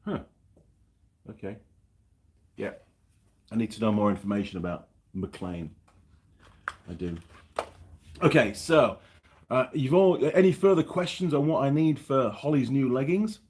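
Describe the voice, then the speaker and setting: This New Zealand livestream host rambles through viewer comments and a story in a casual way. His mid-range voice is animated and darkish, moving at a measured pace broken by long pauses.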